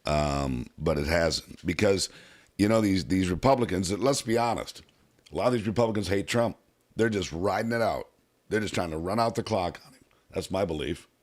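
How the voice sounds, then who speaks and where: Very deep-voiced male radio host. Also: moderate pace. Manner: relaxed, chatty, opinionated. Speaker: radio talk show host. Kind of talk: casual talk radio chat.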